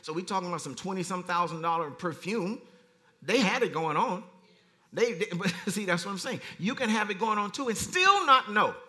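In a conversational sermon, a man reads verses and comments on them, swinging animatedly between quiet asides and loud emphasis. His voice is high-pitched and moves at a normal speed.

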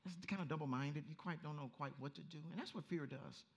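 A male pastor preaching a lively, story-driven sermon and acting out voices as he goes. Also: on the high side, fast talker, vocal fry, a little hiss or hum. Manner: animated storytelling, acts out voices, laughs.

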